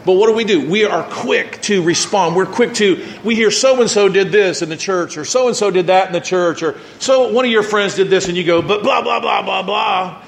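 Animated high-voiced male preacher. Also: normal speed, few pauses. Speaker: pastor. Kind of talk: sermon.

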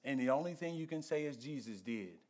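A male pastor preaching a sermon in a church. His delivery is conversational and swings between loud emphasis and hushed intensity. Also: fairly high pitch, steady tone, fast.

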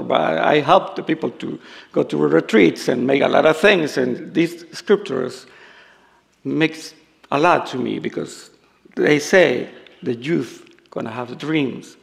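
An older man from El Salvador with a Salvadoran Spanish accent, a native Spanish speaker preaching a sermon in halting English, humorous and self-deprecating, laughing often. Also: mid-range voice, gravelly. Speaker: guest preacher.

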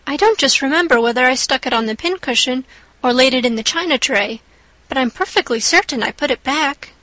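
A woman's voice: sits high, animated, brisk, bright, forceful tone, dry recording, rough recording. A woman reading the part of an imaginative, talkative young girl who pleads earnestly. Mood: earnest pleading.

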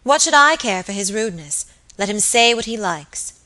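A woman's voice: medium pitch, expressive, normal speed, bright, forceful tone. A woman reading an audiobook, voicing an impatient aristocratic lady who speaks in a clipped, mechanical way.

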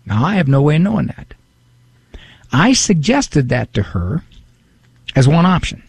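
A male talk show host speaks from a dry studio in a gravelly, slightly husky voice. His delivery is animated and lively, with self-deprecating asides as he reads listener emails aloud. His pitch sits a little above the usual for a man. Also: unhurried, no echo. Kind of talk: casual radio talk. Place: radio studio.

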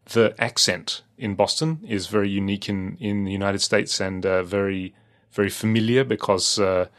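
Podcast co-host, Australian male, low-ish voice, loose and hesitant chat. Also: fairly even intonation, moderate pace, a bit bright. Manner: rambling, hesitant, with frequent fillers and restarts. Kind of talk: casual chat.

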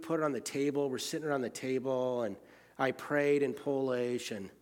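An American man telling a personal travel story in a casual way, full of fillers, swinging between excited outbursts and quiet, hushed moments. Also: fairly high pitch. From United States.

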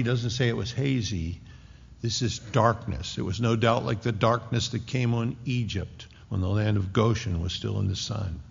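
Gravelly-voiced man preaching in a hall. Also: medium pitch. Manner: dramatic, swings from loud to hushed. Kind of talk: sermon. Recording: dull lo-fi recording in a reverberant hall.

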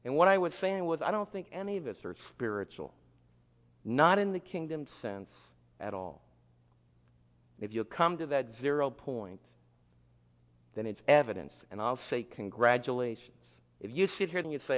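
A man preaching with a slightly raised pitch, his voice carrying a long reverb as in a church hall. He swings from loud outbursts to hushed, intimate tones and acts out the voices of churchgoers. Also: animated, normal speed. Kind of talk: sermon.

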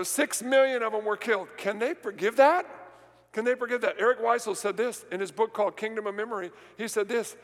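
Man, pastor, sermon, fairly high voice, calls out questions to the crowd, long reverb. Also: fairly bright tone. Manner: asks the congregation rhetorical questions and pauses for answers. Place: large church sanctuary.

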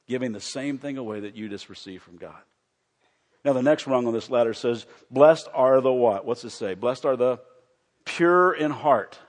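A middle-aged man preaches to his congregation in a church sanctuary, his voice at an ordinary pitch. He rises to loud, excited emphasis and then drops to a soft, quiet storytelling tone. Long reverb from the hall trails every phrase. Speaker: pastor. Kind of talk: sermon.

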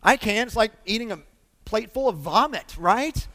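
A man preaching a sermon to his congregation, animated and emphatic, calling out to the room and asking for amens. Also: very high-pitched, moderate pace. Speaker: pastor. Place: church sanctuary with congregation. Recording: long hall reverb.

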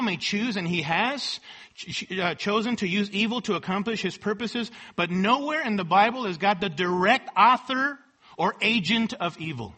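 A man preaching a sermon, quoting scripture with emphatic rising force and dropping low at the ends of thoughts. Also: pushed and bright.

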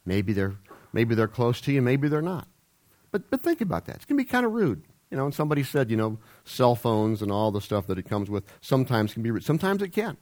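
A man's voice: medium pitch, very animated, a little fast, a little mellow. A man preaching a humorous sermon in a church, rambling and jokey with self-deprecating asides. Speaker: pastor. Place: church sanctuary.

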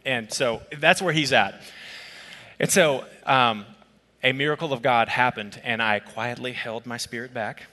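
A man preaching a sermon as a pastor, telling a personal story in an animated, conversational way with asides. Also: medium pitch, measured pace. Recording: long hall reverb.

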